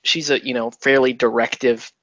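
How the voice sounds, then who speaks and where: A man's voice: medium pitch, steady tone, normal speed, a bit bright, no echo, lo-fi sound. A man hosting a casual painting stream, rambling and joking over a headset mic with many restarts. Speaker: host of a miniature painting stream. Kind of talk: casual chat.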